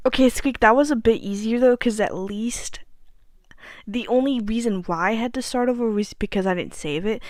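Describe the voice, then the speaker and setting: A woman's voice: fairly high pitch, moderate pace, no echo, clean studio sound. A woman in casual gameplay commentary, exasperated and near tears, swearing and muttering to herself. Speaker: gaming streamer.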